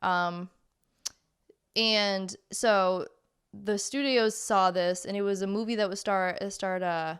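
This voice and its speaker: A young woman co-hosts a casual podcast and tells stories in a chatty, animated way, full of fillers and asides. Her voice is smooth and clear. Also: mid-range voice, slow. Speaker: podcast co-host. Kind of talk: casual chat.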